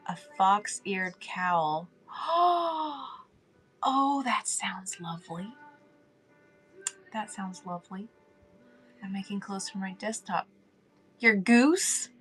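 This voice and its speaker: A woman's voice: fairly high pitch, expressive, measured pace, bright, forceful tone. A middle-aged woman, hosting a casual livestream chat, reading chat aloud and laughing often. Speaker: livestream host.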